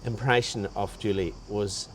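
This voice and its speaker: A man's voice: on the low side, fairly even intonation, unhurried, slight background noise. A man telling a personal story in a rambling, conversational way, often restarting his sentences. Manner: rambling, with frequent restarts and reported dialogue. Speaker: guest sharing a faith testimony.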